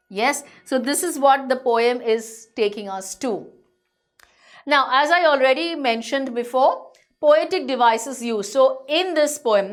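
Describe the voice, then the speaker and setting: A woman teacher with an Indian English accent, explaining a lesson to students, patient and repeating points to reassure them. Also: on the high side. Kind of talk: online class lecture.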